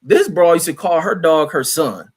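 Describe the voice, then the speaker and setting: A man's voice: a little high, lively intonation, moderate pace, husky. Profane rambling Bay man. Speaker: livestream host. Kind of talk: casual livestream chat reading viewer comments.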